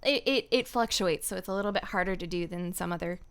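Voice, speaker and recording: A woman voice actor chatting casually on a livestream from home, self-deprecating, laughing often and filling pauses with ums. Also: lowish voice, a bit bright, clear, resonant tone. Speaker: voice actor streamer.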